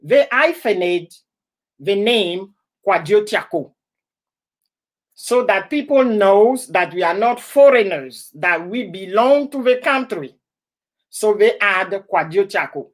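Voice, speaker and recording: A woman's voice: mid-range voice, lively intonation, takes it slowly. A woman from Ivory Coast hosting a casual live stream, often laughing and greeting viewers by name. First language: an Ivorian language.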